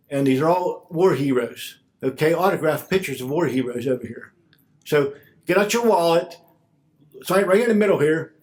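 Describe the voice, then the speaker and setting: A man with a high-pitched voice emcees a fundraiser. He makes loud, pushy announcements and talks like a salesman working the crowd. He keeps calling out to people by name and urging them to buy. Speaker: event emcee.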